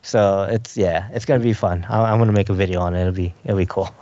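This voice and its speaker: A man's voice: sits low, fairly even intonation, fast, warm tone, no room sound, dull audio. A man hosting a podcast in casual chat, talking in a rambling way full of fillers. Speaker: podcast host.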